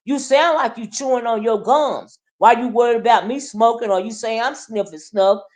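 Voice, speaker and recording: Sassy Southern woman ranting to camera. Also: a little high. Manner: sassy, confrontational, repeats "okay?" and "right?". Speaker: YouTube commentary host. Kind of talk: casual ranting commentary.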